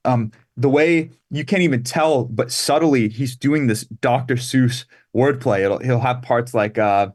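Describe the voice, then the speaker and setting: A man's voice: mid-range voice, unhurried, hardly any pauses, a little mellow. A man from Canada chatting casually as a guest musician, rambling through lists and laughing easily. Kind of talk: casual interview chat.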